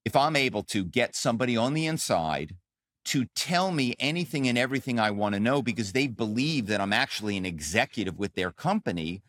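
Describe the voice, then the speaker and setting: A man's voice: medium pitch, expressive, fairly quick, fairly bright tone, no room sound, clean studio sound. A man who is a guest author, telling stories in an interview with emphatic, dramatic delivery. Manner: emphatic, acts out calls with quoted voices. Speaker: guest, author and former actor. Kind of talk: animated interview storytelling.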